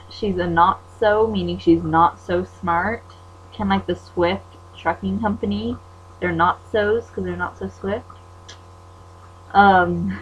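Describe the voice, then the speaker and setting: Teen girl ranting on a lo-fi webcam. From Utah. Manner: chatty and indignant, acts out quotes with sudden loud high bursts. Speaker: vlogger. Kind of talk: casual vlog rant. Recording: dull lo-fi webcam audio with faint mains hum.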